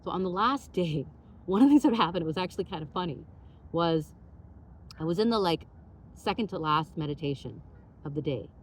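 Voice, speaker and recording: A woman hosting her own show, telling a personal story in an animated way, full of "like" fillers and acted-out dialogue. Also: lowish voice, fairly quick, long pauses, slight background noise. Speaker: podcast host.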